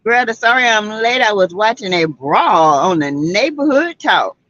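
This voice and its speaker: A woman's voice: medium pitch, lively intonation, moderate pace, fairly bright tone, muffled recording. A woman with a Southern US accent from South Carolina, hosting a casual livestream and greeting viewers by name in a chatty way. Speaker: livestream host. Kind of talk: casual livestream chat reading viewer comments.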